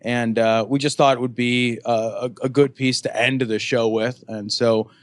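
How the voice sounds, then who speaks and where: A man guesting on a podcast, talking in a profane, animated ranting way. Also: mid-range voice, normal speed, dry recording. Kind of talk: casual podcast chat.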